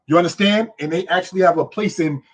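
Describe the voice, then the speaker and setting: A man's voice: high-pitched, fast. A man teaching a history lesson in an emphatic, preacherly way, often checking in with his listeners. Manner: repeats "you understand?" and "brothers and sisters".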